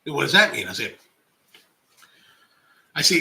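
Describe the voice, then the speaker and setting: Chatty bright-voiced man. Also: on the high side, sing-song, fairly quick, low-quality recording. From Baltimore, USA. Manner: rambling and chatty, drops to whispers for jokes. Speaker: coffee livestream host reading chat. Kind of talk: casual chat.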